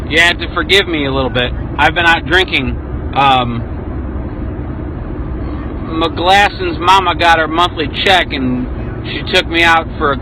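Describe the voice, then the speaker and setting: A man's voice: on the high side, background noise. A man cutting a crude, rambling, mocking wrestling promo full of profane trash-talk, recorded while driving. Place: inside a moving car.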